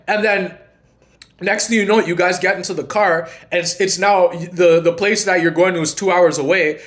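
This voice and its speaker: A man's voice: sits high, a bit bright. A man hosting his own channel, speaking in a casual monologue and telling long, earnest stories. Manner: earnest, long-winded storytelling. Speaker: channel host and coach.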